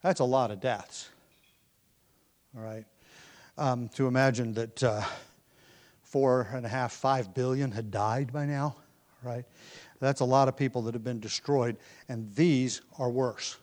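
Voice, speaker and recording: A man's voice: mid-range voice, steady tone, a little slow, pauses often, darkish tone. Man teaching a Bible passage. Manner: explanatory, with frequent ums and restarts.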